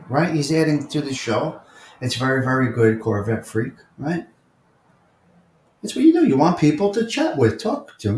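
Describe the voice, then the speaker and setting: A man with a New York accent talks casually on a live stream, answering chatters by name and hammering his points with repetition. His voice sits at an everyday middle pitch. The room around him rings with a noticeable echo. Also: darkish tone. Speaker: host of a live morning chat stream. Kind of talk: casual livestream chat, reading and answering viewer comments. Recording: roomy echo.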